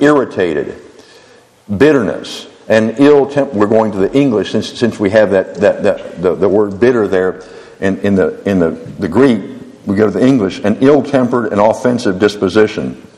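A man's voice: lowish voice, a little mellow, big-room sound, rough recording. A man preaching a sermon, often stumbling and repeating words as he goes.

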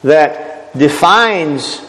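Guy preaching a sermon, kinda high voice, earnest, restarts a lot, church hall reverb. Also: lively intonation, extremely slow, fairly bright tone, slight background noise. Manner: earnest, emphatic, with frequent restarts.

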